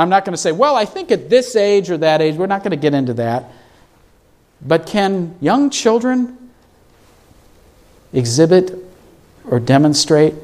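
A man preaching a sermon as pastor in a church, asking the congregation questions as he goes. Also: a little high. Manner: asks the congregation questions, animated.

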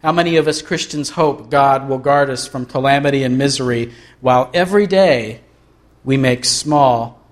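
A man preaching a sermon as pastor, reading aloud from a book and slowing down to stress key words. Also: mid-range voice. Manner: earnest, slows down for emphasis.

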